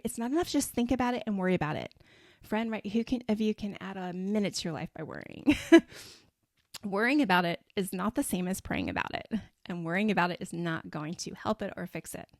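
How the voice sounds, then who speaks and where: A woman's voice: medium pitch, creaky, darkish tone, no echo, studio quality. A middle-aged woman hosting a faith-based podcast, talking earnestly and encouragingly, often acting out an anxious inner voice. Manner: earnest, encouraging, frequent asides and acted-out inner monologue. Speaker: podcast host.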